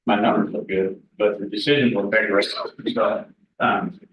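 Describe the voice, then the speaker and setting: A man's voice: lowish voice, steady tone, moderate pace, a little hiss or hum. Man, forties, casual storytelling, folksy and candid, echoey meeting room, distant dull mic. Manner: folksy, candid, joking with the audience. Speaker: guest speaker at a real estate team meeting. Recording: echoey room recorded from afar, dull sound.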